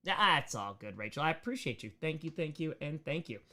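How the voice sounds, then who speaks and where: A young New York man hosts a livestream, answering superchats in a loose, upbeat way and tossing out quick thank-yous to donors. His pitch is on the high side and swings lively up and down as he riffs.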